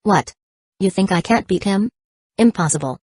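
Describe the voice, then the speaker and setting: A woman reading the lines of a brash, impatient zealot man in a low, dry voice, with blunt, snapping demands. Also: fairly quick, darkish tone, dry recording. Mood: defiant.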